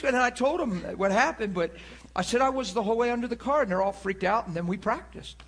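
Middle-aged male preacher, high bright voice, rambling and laughing at himself in a pulpit sermon. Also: animated, fast talker. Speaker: pastor. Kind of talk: storytelling sermon. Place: church pulpit.

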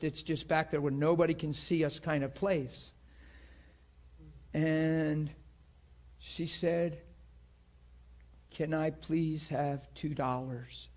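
A middle-aged male pastor telling a story in a sermon, acting out the voices of the people in it with strong feeling. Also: on the high side. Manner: emotional, acts out both sides of a story.

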